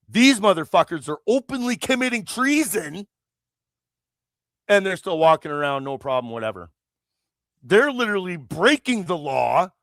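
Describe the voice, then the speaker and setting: A man's voice: a little high, fairly bright tone, no room sound, clean studio sound. A man from Canada hosting a political livestream, ranting angrily with heavy swearing and rambling restarts. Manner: angry, profane, rambling. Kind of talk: heated political rant.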